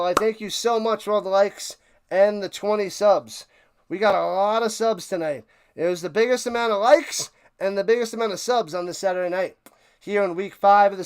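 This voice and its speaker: A man hosting a live sports stream, chatting excitedly and rambling to his viewers as he signs off, a bit out of breath. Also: high-pitched, clean tone. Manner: excited, rambling, repeats himself. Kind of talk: casual sign-off chat to live stream viewers.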